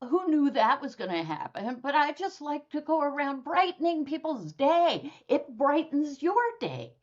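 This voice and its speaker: A woman's voice: high-pitched, measured pace. Upbeat storytelling woman, lo-fi sound. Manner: lively storyteller who acts out dialogue. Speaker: guest author. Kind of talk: conversational podcast storytelling.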